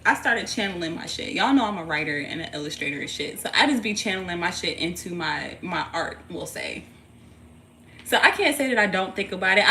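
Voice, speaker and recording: On a tarot livestream, a woman with a medium-pitched, sharp voice chats casually, playful and slangy, swearing and bursting into laughter as she teases a baby between readings. A little hiss or hum runs underneath.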